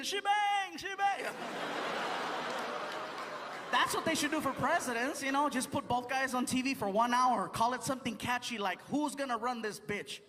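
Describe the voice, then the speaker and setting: A man's voice: extremely high pitch, very noisy. A man performing a stand-up comedy set on stage, talking playfully and slipping into character voices. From United States. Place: comedy stage before a live audience. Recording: live stage mic with crowd laughter. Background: audience laughing and cheering.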